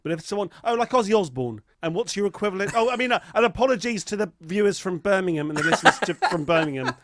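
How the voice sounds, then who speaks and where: A man's voice: high-pitched, lively intonation, fast, fairly bright tone. A man co-hosting a podcast in casual chat, with dry, wry humour. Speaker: podcast co-host.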